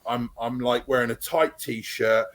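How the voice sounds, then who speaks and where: A man talking as a podcast guest, spinning his stories with lots of restarts and tangents. His voice sits at an ordinary middle pitch and carries on in a casual, rambling flow. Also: unhurried. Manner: animated storyteller, rambling with restarts. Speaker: actor guest. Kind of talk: casual interview chat.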